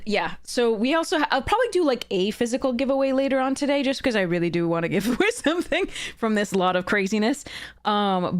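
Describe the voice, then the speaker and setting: A woman's voice: mid-range voice, smooth. Bubbly, giggly woman streamer. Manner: bubbly and giggly, with frequent laughter; rambling, with many fillers and restarts. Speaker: streamer and content creator. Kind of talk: casual live-stream chat.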